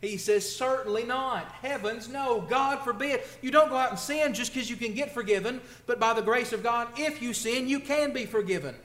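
A man's voice: very high-pitched, brisk, hardly any pauses, fairly bright tone, roomy sound. A male preacher delivering a conversational sermon, asking rhetorical questions and building emphasis. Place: church.

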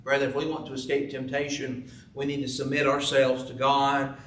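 Earnest preacher in an echoey church. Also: male voice, mid-range voice, completely flat delivery, normal speed, a bit bright, a little hiss or hum. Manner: emphatic, rising to stress key words. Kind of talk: sermon. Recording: echoey room, from far off.

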